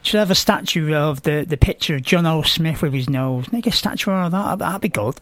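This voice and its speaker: A man's voice: on the high side, brisk, a bit bright, no echo. A man hosting a rugby league show, asking questions and joking with his co-host. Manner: jokey, playful. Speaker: radio sports show host. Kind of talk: sports chat.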